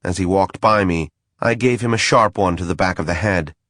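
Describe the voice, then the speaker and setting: Man, audiobook narrator, dry wry delivery, low voice, dead dry studio. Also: normal speed, fairly bright tone, no room sound. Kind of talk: first-person audiobook narration.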